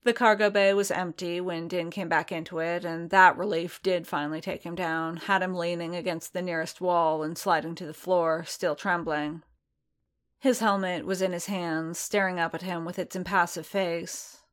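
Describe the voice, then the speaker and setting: A woman reading fiction aloud in an even, measured narration. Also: on the low side. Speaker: reader.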